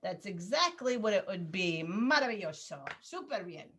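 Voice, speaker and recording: A woman teaching a Spanish class over a video call, patient and encouraging, drilling words slowly. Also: mid-range voice, big pitch swings, fairly bright tone, slight background noise.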